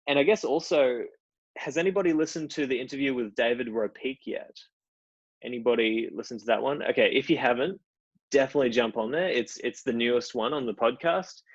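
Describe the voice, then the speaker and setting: A man's voice: mid-range voice, no echo, dull audio. A man hosting an online meetup, talking casually and rambling with many restarts. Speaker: host of a stoicism meetup. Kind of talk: casual talk to a group. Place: indoor room at home.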